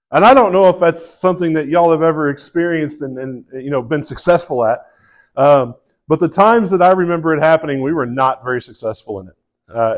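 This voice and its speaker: With a slightly high voice and a Southern US accent, this pastor preaches a sermon to a live congregation. His storytelling is easygoing and packed with fillers.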